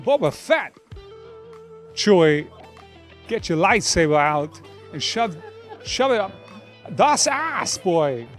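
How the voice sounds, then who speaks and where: An actor on a talk show, a man doing a choppy, oddly paused celebrity impression. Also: sits high, sing-song, soft background music, heavily acted. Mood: playful. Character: male celebrity impression, odd halting phrasing.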